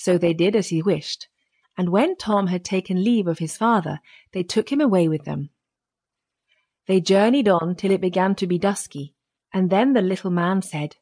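A woman narrating a children's fairy tale audiobook in a steady storytelling manner. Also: on the low side, moderate pace.

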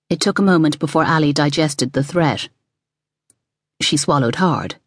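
Expressive female audiobook narrator; lower voice, dry studio sound. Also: moderate pace, breathy edge, no echo. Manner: expressive storytelling. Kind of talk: scripted narration.

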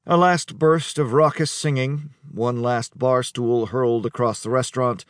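A man reading an audiobook in a measured, even storytelling manner. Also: medium pitch, no echo. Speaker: audiobook narrator. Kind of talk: scripted narration. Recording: dry studio, close mic.

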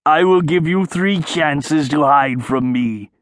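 Man voicing a huge troll wife, booming, slow, menacing, storybook. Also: no room sound.

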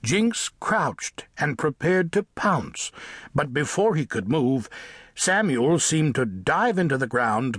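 A man narrating a children's audiobook with lively, expressive storytelling. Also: a little high, husky, dry recording, studio quality. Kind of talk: scripted narration of a children's book.

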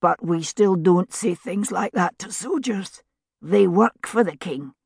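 A woman's voice: lowish voice, measured pace, creaky, a little mellow, husky, no room sound, clean studio sound, exaggerated voice. A woman voicing a good-humoured father who speaks firmly to his son. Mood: amused. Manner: firm, mildly amused.

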